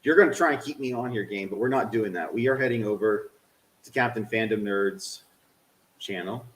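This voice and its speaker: A man streaming a game, swearing at it and swinging from low grumbling to loud yelling while he talks to his chat. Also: normal speed, reverberant, low-quality recording. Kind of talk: live game stream commentary.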